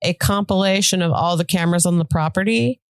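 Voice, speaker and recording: Chatty woman with a lowish voice. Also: brisk, smooth, no echo. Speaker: podcast co-host. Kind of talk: casual chat.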